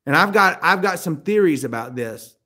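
High-pitched guy preaching, keeps asking the crowd questions and acting out what people said. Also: animated, normal speed, pushed and bright. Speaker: pastor. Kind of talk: sermon.

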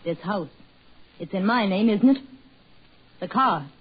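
An actress in 1940s radio drama playing a cruel wife who is turning into a cat, her voice shrill and breaking into screams. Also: a little slow, husky. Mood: taunting. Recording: dull old radio recording with faint hiss.

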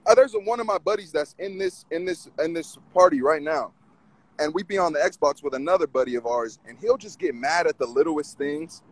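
A man calling in to a talk show, arguing his side in an animated way and often repeating himself. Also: a little high, fairly quick, dry recording, poor audio. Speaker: caller. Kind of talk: casual call-in debate.

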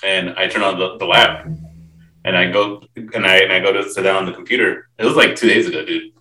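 A man hosting a casual interview, telling stories excitably and repeating himself. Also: low-pitched, fairly quick, roomy sound, distant mic, slight background noise, rough recording. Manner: excitable storytelling, repeats words.

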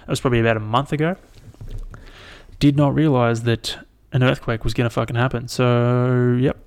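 A man's voice: mid-range voice, fairly even intonation, moderate pace, a little mellow, smooth. A young Australian man chatting alone into a mic, rambling and swearing freely as he retells his week. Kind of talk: casual solo chat.

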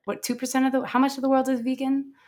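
A woman's voice: high voice, completely flat delivery, fast, darkish tone. A woman guest in a casual interview, talking earnestly and rambling with lots of restarts and fillers. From USA. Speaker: guest, founder of a satirical website.

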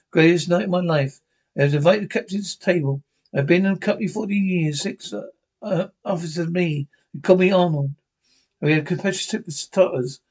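A man's voice: sits high, slightly rough. An actor playing a pompous, self-pitying male space officer in a television sitcom, with a whiny delivery. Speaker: sitcom character.

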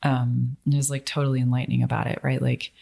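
A woman's voice: extremely low pitch, flat delivery, fast, gravelly, mellow. A woman co-hosting a podcast, chatting casually and rambling with lots of fillers and restarts. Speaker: podcast co-host.

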